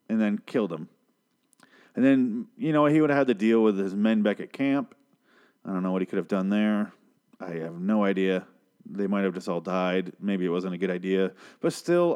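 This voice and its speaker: A low-voiced man recapping a TV episode in a loose, rambling way. He swears freely and tosses in sarcastic asides as he goes. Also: a little mellow. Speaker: show recapper.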